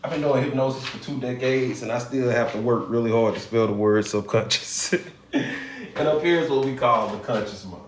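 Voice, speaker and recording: A middle-aged man and hypnotherapist giving a live teaching talk, conversational and animated, with rhetorical questions to his viewers. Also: mid-range voice, fairly quick. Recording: roomy room with faint noise.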